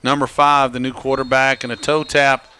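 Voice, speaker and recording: A man calling a high school football game play-by-play, chatty and joking. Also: little pitch movement, normal speed, bright, forceful tone, smooth. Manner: chatty, joking, laughs often. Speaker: play-by-play announcer.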